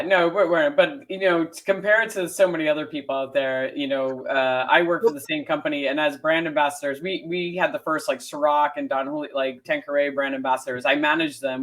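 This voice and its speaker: A man's voice: on the high side, fairly quick, a bit bright. A man co-hosting a casual conversation, chiming in and finishing the other speaker's thoughts. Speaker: co-host, former spirits company manager.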